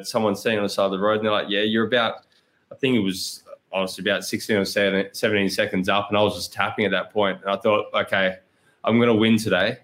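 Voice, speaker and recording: Candid Australian man, low voice. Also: a bit bright. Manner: candid storytelling, swears freely, laughs often. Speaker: guest, pro cyclist. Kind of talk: casual podcast chat.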